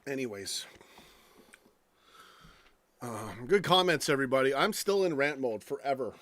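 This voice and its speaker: A man's voice: medium pitch, expressive, unhurried, a bit bright, dry recording. A man hosting a live stream, ranting angrily with lots of swearing and rambling stories. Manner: angry, profane, rambling rant.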